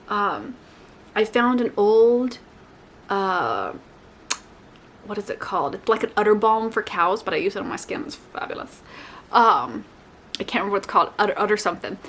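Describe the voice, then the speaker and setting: A woman's voice: medium pitch, a little hiss or hum. Chatty woman vlogging self-care tips. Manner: rambling, self-correcting, with quick asides; lively, playful asides to viewers. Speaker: lifestyle vlogger. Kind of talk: casual chatty advice to camera.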